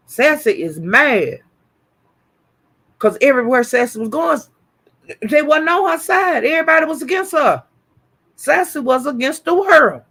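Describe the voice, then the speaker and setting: A man talks straight to his viewers in a casual, profane livestream rant. He circles back on the same phrases again and again, swinging between fired-up declarations and lower, steadier reassurance. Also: unhurried, pauses often. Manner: animated, profane, repeats phrases for emphasis. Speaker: online commentator.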